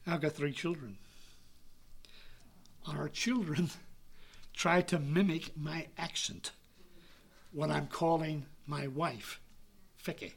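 A man preaching a sermon in an earnest, measured way, sometimes dropping to a near-whisper. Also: fairly high pitch, fairly even intonation, creaky, husky.

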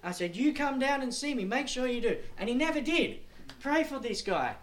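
A man preaching a sermon, moving between quiet, low storytelling and loud, insistent warning. His pitch rises and falls widely as he works up to his points. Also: expressive, moderate pace. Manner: storytelling, rising to emphatic preaching.

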